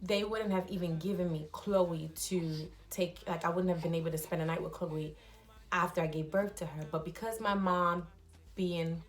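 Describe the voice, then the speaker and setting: Woman telling her story, fairly low voice. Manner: animated storytelling, acting out dialogue. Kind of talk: casual personal testimony.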